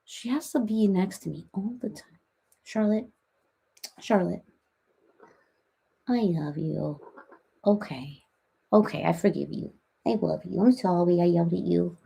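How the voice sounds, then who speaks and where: A woman's voice: lowish voice, a little slow, vocal fry, pauses often, warm tone, breathy edge, heavily acted. A woman playing a rambling, chatty reality-TV woman in a comedic parody livestream, who baby-talks her cats and answers viewers by name.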